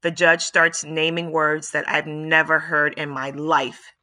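A woman reading a first-person audiobook chapter in a steady, measured way. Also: sits low. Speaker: audiobook narrator.

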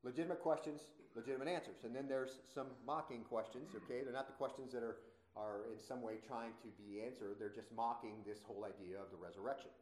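A man's voice: medium pitch, fairly even intonation, quick pace, darkish tone, echoey room, low-quality recording. A male pastor preaching a sermon in a conversational way, with many rhetorical questions.

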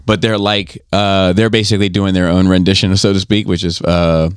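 A man's voice: low-pitched, little pitch movement, normal speed, clear, resonant tone, dry recording, clean studio sound. A man co-hosting a podcast, telling stories in casual, profane chat and often repeating himself. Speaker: podcast co-host.

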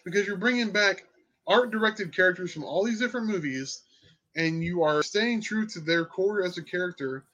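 A man chatting casually about movies, emphatic and excitable, with a habit of swearing. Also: high voice, moderate pace.

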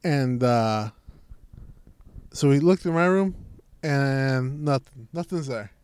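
A man's voice: medium pitch, slow pace, clean tone, no room sound. A man telling a long story in casual chat, acting out what others said and swearing freely. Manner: animated, acts out quotes, swears freely.

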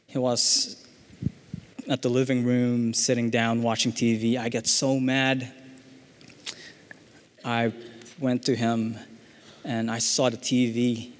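A man's voice: mid-range voice, long reverb tail, a little hiss or hum. Earnest young man giving a testimony. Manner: earnest, halting, with many fillers and restarts. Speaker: church member sharing a testimony. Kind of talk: personal testimony.

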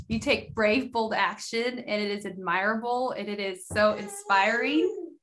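A woman hosting an interview podcast, with a slightly high-pitched voice. She speaks encouragingly and repeats her praise for emphasis. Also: expressive, measured pace. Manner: warm praise, emphatic repetition. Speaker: podcast host. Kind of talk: interview conversation.

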